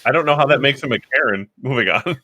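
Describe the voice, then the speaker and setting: A man's voice: medium pitch, fast, sharp tone, no echo. A man playing a tabletop game with friends, joking sarcastically in casual chat.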